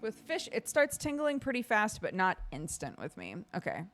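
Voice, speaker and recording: A woman streamer chatting casually with her viewers, telling stories in an animated way with lots of laughter and fillers. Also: medium pitch, normal speed.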